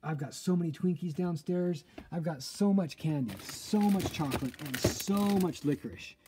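A woman's voice: low-pitched, moderate pace, warm tone, echoey room, a little hiss or hum. A woman in her thirties, a family vlogger chatting upbeat and straight to viewers at home. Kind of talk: casual home vlog to camera.

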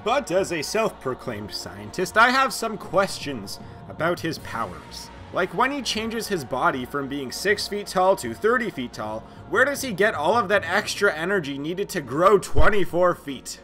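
A man's voice: high voice, big pitch swings, a little slow, few pauses, pushed and bright, soft background music. A man hosting a casual science commentary video, chatty and jokey as he explains.

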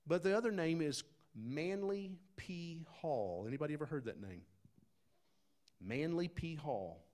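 A man preaching a sermon in a folksy, conversational way, talking straight to the congregation, dropping to quiet asides and rising to loud, emphatic bursts. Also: on the high side, expressive, a little slow. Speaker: pastor.

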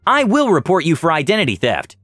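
A man voicing a rude, entitled woman job applicant who accuses and shouts. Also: fairly high pitch, wildly swooping pitch, a little fast, no room sound, studio quality, faint music behind, pitched above the performer's own voice, heavily acted. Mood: furious.

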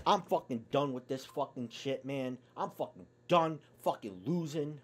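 A man's voice: medium pitch, moderate pace. A man delivering a profane, angry sports fan rant on his YouTube channel, swearing in nearly every sentence.

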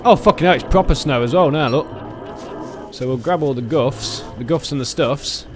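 A man commentating on a video game he is playing, excitable and sweary, often yelling at the game. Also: mid-range voice, moderate pace, over music. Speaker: let's play gamer. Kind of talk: gameplay commentary.

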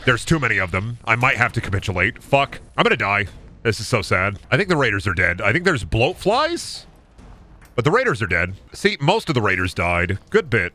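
A man's voice: on the low side, sing-song, fairly quick, pushed and bright, a little hiss or hum. A man casually commenting on his game as a streamer, joking, swearing and riffing on voice impressions.

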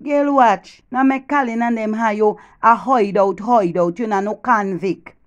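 A woman with a Jamaican accent doing a comic one-sided phone call, gossiping animatedly and swinging between loud boasts and hushed whispers. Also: medium pitch, unhurried.

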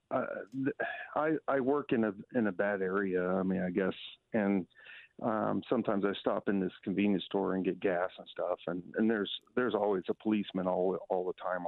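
A man's voice: lowish voice, fairly even intonation, normal speed, dry recording. A man calling in to a radio show to tell a short story, hesitant and full of restarts. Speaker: caller. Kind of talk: casual phone-in story. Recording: tinny phone line.

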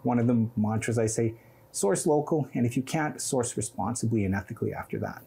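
A man from Canada, a chef, speaking in a measured, plainspoken way in an interview. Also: mid-range voice, creaky, mellow, husky.

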